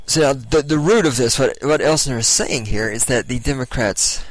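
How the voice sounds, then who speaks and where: A man's voice: medium pitch, normal speed, few pauses, no room sound, low-quality recording. A man giving a blunt, sarcastic political monologue as host, laughing at his own jokes.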